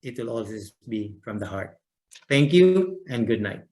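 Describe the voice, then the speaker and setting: A man giving an earnest, heartfelt speech with a halting delivery. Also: mid-range voice, big pitch swings, darkish tone. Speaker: sales master giving a speech. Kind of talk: emotional prepared speech.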